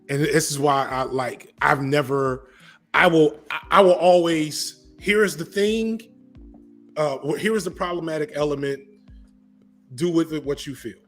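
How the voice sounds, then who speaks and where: A man talking casually as a podcast guest, shifting between loud emphatic bursts and quiet, drawn-out musing. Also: mid-range voice.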